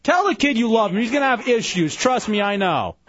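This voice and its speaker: A man's voice: high-pitched, lively intonation, brisk, fairly bright tone, no echo. A man hosting a radio show, joking with callers in casual banter. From Chicano American. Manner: joking, takes calls. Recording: dull lo-fi broadcast.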